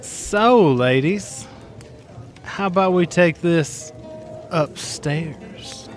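Smarmy drunk nobleman, woman reading, low and swaggering, faint music under. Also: drawn-out words. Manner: bragging, clumsy smooth talk. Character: boastful drunk well-dressed man, smarmy.

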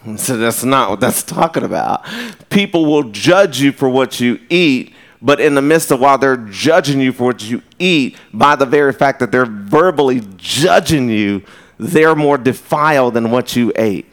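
A man preaching a sermon in a conversational, storytelling way, with quick asides. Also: mid-range voice, animated, a bit bright. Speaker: pastor. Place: church.

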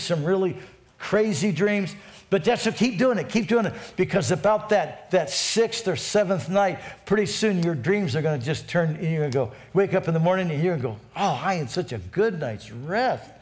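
A male pastor preaching a sermon with fervent energy, dropping to a hush and then rising to shouts. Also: high-pitched.

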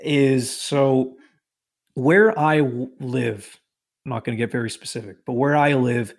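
A man's voice: medium pitch, measured pace, vocal fry. A man from Massachusetts telling a long work story on a casual podcast, swearing freely and acting out what people said. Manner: animated, profane, quotes people in put-on voices.

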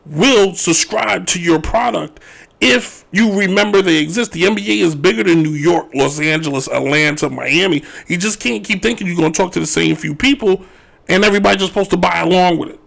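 A man hosting a sports talk radio show, ranting his opinions in an animated, joking way. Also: high-pitched, a little fast, gravelly.

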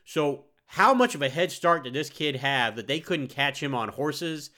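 A man's voice: on the high side, animated, moderate pace, pushed and bright. A man co-hosting a casual movie podcast who talks bluntly and swears freely. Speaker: podcast co-host. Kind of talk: casual movie review chat.

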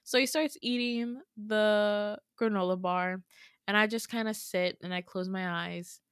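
A woman's voice: mid-range voice, steady tone, unhurried, clear, resonant tone, no room sound, clean studio sound. A woman host casually retelling a dream story in a chatty, filler-heavy way. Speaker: podcast host.

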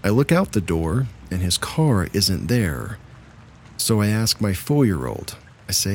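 Male story narrator, thirties, low voice, easygoing delivery. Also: a little slow. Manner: relaxed and chatty when speaking to listeners. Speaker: narrator of scary stories. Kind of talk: reading submitted stories aloud.

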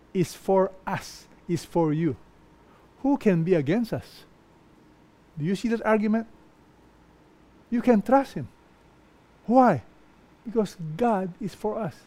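A middle-aged man preaching a sermon, slow and emphatic, with frequent pauses between short phrases. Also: high-pitched, lively intonation, darkish tone.

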